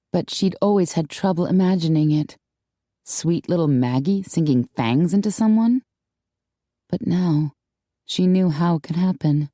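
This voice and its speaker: Woman, audiobook narrator, calm, measured, low voice, mellow, dry close studio sound. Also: no echo. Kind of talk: scripted narration.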